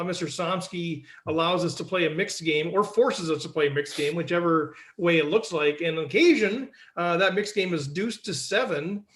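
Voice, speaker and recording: A man hosting a podcast, asking questions in a relaxed, joking way with little laughs. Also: high voice, echoey room. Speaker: podcast host. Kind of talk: casual interview chat.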